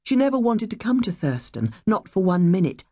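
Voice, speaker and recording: A woman reading a first-person novel aloud, measured and wistful. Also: mid-range voice, sing-song, mellow, no room sound, studio quality. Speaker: audiobook narrator. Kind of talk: first-person audiobook narration.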